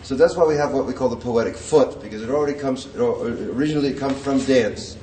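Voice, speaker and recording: A man's voice: mid-range voice, fast, warm tone. A man teaching poetry in a classroom lecture, chanting rhythms in nonsense syllables and chuckling often. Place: classroom with a blackboard. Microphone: distant room recording. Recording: echoey classroom, distant mic, noisy tape.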